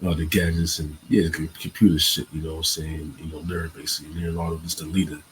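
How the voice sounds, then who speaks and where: Deep-voiced young man rambling casually. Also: little pitch movement, quick pace, a little hiss or hum, poor audio. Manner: rambling, slangy, swears a lot, laughs often. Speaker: show host. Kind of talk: casual solo talk.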